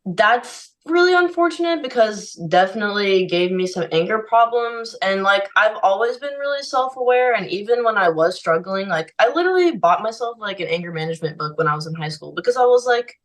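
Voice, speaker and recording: A woman's voice: mid-range voice, expressive, fairly quick, hardly any pauses, far from the mic, poor audio. Earnest young woman, a little off-mic. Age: young adult. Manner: earnest, heartfelt, peppered with "like" and "you know". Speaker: podcast guest. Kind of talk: candid conversational interview.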